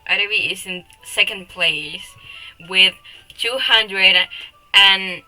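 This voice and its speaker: A woman's voice: mid-range voice, slow pace, sharp tone, faint music behind, low-quality recording. A young woman streaming live, chatting with her viewers, often giggling, teasing and swearing at her chat.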